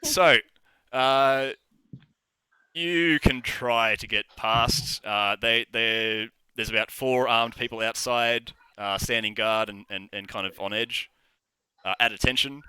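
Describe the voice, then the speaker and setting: Aussie guy gm, lots of ums, dry close sound, bright voice. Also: mid-range voice, steady tone, slow, smooth, no room sound. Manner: loose, rambling narration with many fillers. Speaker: game master. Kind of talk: narrating a tabletop game.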